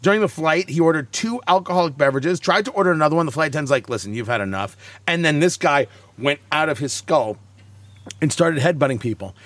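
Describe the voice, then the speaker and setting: A man's voice: on the high side, dry recording. A man hosting a talk show, ranting and joking sarcastically in casual banter with co-hosts. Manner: animated, sarcastic, quick asides.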